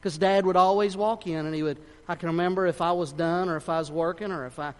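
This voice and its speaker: A man preaching to his congregation, his voice pitched high above most men's. He is fervent and folksy, pushing up to near-shouts and then dropping to a hush. The sound carries a long, lingering reverb from the church hall. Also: fairly even intonation, quick pace, clean tone. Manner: fervent, folksy, swings between shouting and hushed tones. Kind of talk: sermon. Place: church sanctuary.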